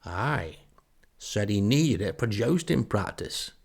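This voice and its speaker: A man voicing an unflappable rural male farmer who talks in a deadpan, matter-of-fact way. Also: fairly low pitch, slow, vocal fry, breathy edge, heavily acted.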